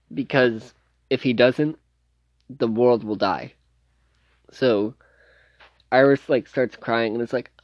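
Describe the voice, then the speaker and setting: A man's voice: medium pitch, no room sound, highs cut off. A man casually recapping a TV series plot in a loose, rambling way, full of fillers and self-corrections. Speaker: TV series reviewer.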